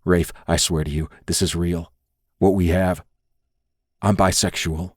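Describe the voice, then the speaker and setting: Guy doing a low soft-voiced agent begging his lover to believe him, dry close sound. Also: steady tone, unhurried, no room sound. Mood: pleading. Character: earnest pleading male lover, secret federal agent.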